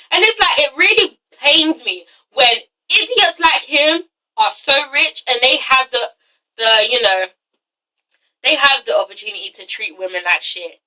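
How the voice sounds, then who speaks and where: A woman's voice: high-pitched, sharp tone, recorded from a distance, low-quality recording. A woman hosting a casual TV-recap vlog, sassy and profane, with constant "okay?" asides. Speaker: reviewer, channel host.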